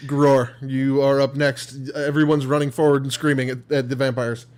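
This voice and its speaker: A relaxed man runs a tabletop game, narrating moves and answering his players. His voice sits at an ordinary pitch, and he talks in an easygoing way, often chuckling. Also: moderate pace. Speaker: dungeon master. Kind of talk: running a live tabletop game.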